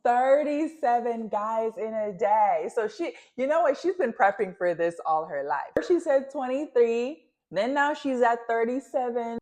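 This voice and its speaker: A woman's voice: on the high side, animated, normal speed, few pauses, darkish tone. A woman hosting a reaction video, talking casually and filling her sentences with "like". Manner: chatty, peppered with "like". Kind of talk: casual commentary.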